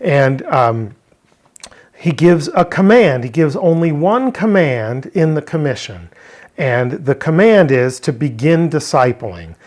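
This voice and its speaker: A man's voice: a little high, big pitch swings, slow, darkish tone. A man teaching a verse-by-verse Greek word study, explaining step by step and posing rhetorical questions. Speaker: Bible language teacher.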